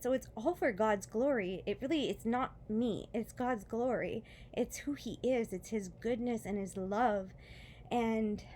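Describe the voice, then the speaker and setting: A woman's voice: fairly high pitch, darkish tone, a little hiss or hum. A woman with children telling her story of faith after foot surgery, earnest and chatty, with many fillers and short laughs, while in pain. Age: adult with children. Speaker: vlogger sharing a testimony. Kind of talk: casual personal testimony.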